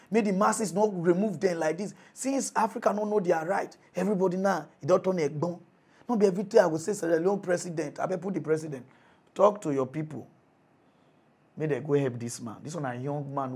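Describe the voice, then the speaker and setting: A man with a high voice and a Nigerian Pidgin accent, hosting a comic mock news show. He is animated and mocking and bursts into exclamations. His delivery swings from playful grumbling to loud teasing. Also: husky. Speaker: comedy news host.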